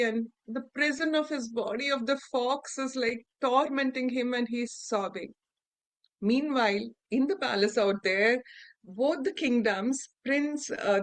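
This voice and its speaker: A woman with an Indian English accent telling a fairy tale aloud to adults, acting out the characters' lines with lively shifts in pitch and loudness. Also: dry recording, rough recording. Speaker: storyteller. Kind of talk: oral fairy-tale storytelling.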